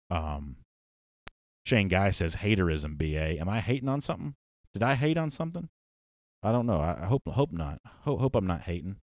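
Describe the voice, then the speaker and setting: Low-voiced man hosting a sports show. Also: no room sound, studio quality. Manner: relaxed, rambling, many restarts and fillers. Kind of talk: casual live show chat, reading viewer comments.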